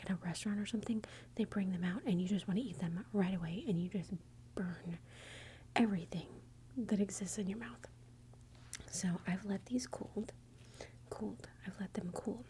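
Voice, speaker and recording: Texan lady whispering asmr chat right up on the mic, mellow tone, kinda rambly. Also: mid-range voice, fairly even intonation, moderate pace, a little hiss or hum. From Texas. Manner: rambling, self-interrupting, chatty. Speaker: ASMR channel host.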